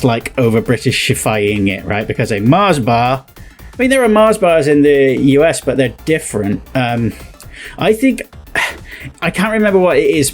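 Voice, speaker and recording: Rambling West Country man explaining. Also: mid-range voice. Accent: West Country English. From southwest England. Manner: rambling, chatty explaining with many fillers. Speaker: video commentator. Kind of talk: casual reaction commentary.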